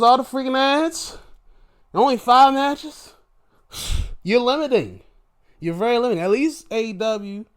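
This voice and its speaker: A man giving a casual solo wrestling review, animated and swearing freely as he recounts the action. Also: high voice.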